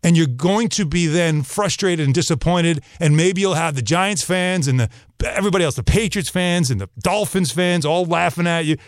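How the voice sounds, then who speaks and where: A man's voice: a little high, moderate pace, no room sound, studio quality. A man hosting a sports talk show, talking straight to his listeners in an emphatic, opinionated monologue.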